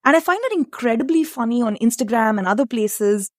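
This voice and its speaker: Measured Indian woman host, bright voice. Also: fairly high pitch, expressive, no room sound, clean studio sound. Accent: Indian English. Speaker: host, economics professor. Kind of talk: interview conversation.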